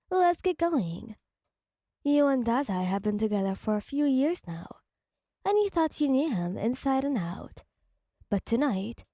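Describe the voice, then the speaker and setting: A woman narrating an ASMR fan story in a slow, soft, breathy way. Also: fairly high pitch, no room sound, clean studio sound. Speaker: fanfic reader.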